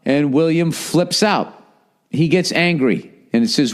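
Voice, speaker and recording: Ranting and cursing before poking fun at himself, a forties-aged male podcast host delivers a casual solo monologue. His voice sits a little high and moves a little slowly.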